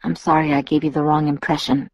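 A woman reading an audiobook and voicing a restrained young male lover who speaks quietly and measured, softly chiding. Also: deep voice, level tone, dry recording, dull audio. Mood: gentle. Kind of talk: audiobook narration.

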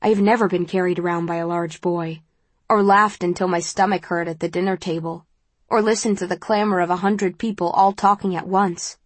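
Low-voiced woman narrating a novel. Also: steady tone, brisk, no room sound. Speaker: audiobook narrator. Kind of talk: first-person novel narration.

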